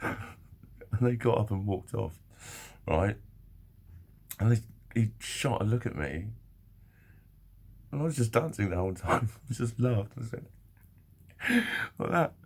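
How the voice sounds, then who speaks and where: A man's voice: medium pitch, moderate pace, pauses often, breathy edge. A man telling a rambling personal story to camera, swearing often and laughing as he goes. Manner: swears freely, laughs often, animated retelling. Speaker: vlogger. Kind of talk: casual storytelling monologue.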